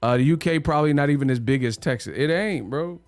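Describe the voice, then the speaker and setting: A man hosting a boxing livestream, talking in animated slang and laughing often. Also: a little high, quick pace, no room sound. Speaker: boxing channel host. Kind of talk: livestream commentary.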